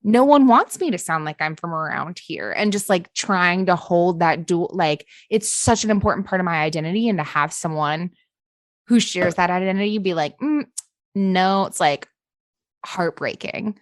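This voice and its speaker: A woman's voice: lowish voice, expressive, normal speed, no room sound. A woman hosting a podcast interview, talking earnestly and casually, full of "like" fillers and the odd swear word. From Appalachia. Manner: earnest, heavy use of "like", swears. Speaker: podcast host.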